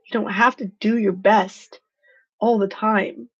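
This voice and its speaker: A woman hosting a motivational live stream speaks slowly in a medium pitch with a steady tone and a breathy edge, and the recording is muffled. She's earnest, heartfelt, and emotional, using "freaking" to stress her points.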